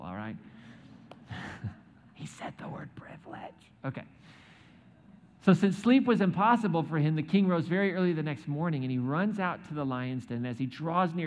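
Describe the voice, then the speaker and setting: A man preaching a sermon, retelling a scripture story with joking asides and acted-out quotes. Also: fairly high pitch. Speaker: pastor. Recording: echoey hall, dull sound.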